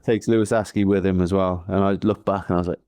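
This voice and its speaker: A man's voice: low voice, steady tone, fast, a little mellow, clean tone, no room sound, studio quality. A Welsh man co-hosting a cycling podcast, telling stories in a laid-back, chatty way. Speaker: podcast co-host, pro cyclist. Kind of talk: casual podcast chat.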